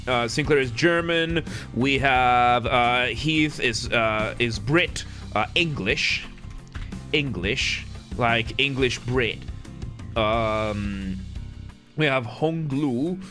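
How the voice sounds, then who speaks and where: A man streaming a game live, reading the dialogue aloud and chatting excitedly with lots of scattered restarts. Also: mid-range voice.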